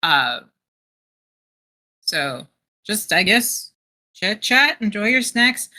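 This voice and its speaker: Slow, bright-voiced woman role-playing. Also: mid-range voice, big pitch swings. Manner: fussy, earnest explaining. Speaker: tabletop game player. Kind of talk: in-character role-play chat.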